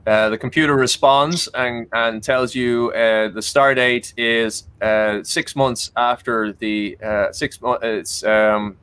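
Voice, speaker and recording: A man's voice: mid-range voice, fairly even intonation, slow pace, hardly any pauses, a bit bright, clean tone. A man narrating as game master for a tabletop role-playing game, with many ums and restarts.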